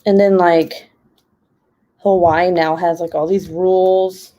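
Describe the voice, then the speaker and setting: A young woman talks into her laptop from home, casual and rambling. Her voice is warm and mellow, and she laughs easily between her "like"s. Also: fairly low pitch, little pitch movement, slow. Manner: chatty, many "like" fillers, laughs often. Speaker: live stream host. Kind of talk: casual chat while crafting.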